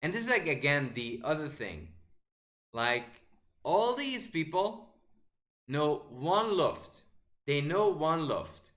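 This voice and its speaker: Lively bright-voiced man analyzing chess. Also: on the high side, takes it slowly. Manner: animated, fires exasperated rhetorical questions at the board; muttering move lines to himself. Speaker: chess grandmaster streamer. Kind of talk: live chess game commentary.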